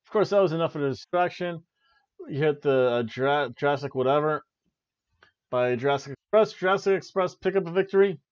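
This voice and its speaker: A man's voice: fairly high pitch, fairly quick, no echo. Enthusiastic man reviewing wrestling. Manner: enthusiastic, rambling, many restarts. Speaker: podcast co-host, wrestling reviewer. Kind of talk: casual review chat. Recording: dry, slightly muffled home recording.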